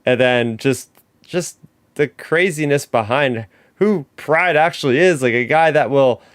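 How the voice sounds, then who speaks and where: A man hosting a podcast speaks unhurriedly in a clear, resonant mid-range voice, recorded dry with clean studio sound. His casual chat bubbles with fan excitement, with plenty of fillers, restarts, and "like."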